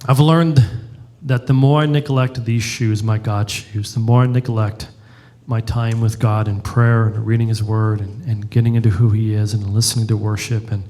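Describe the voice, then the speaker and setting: A man's voice: fairly low pitch, fairly even intonation, moderate pace, dark tone. Joking, conversational male pastor. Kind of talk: sermon.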